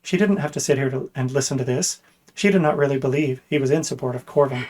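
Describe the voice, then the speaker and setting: A man reading a fantasy story aloud in a steady way, with occasional slips and self-corrections. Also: mid-range voice, quick pace.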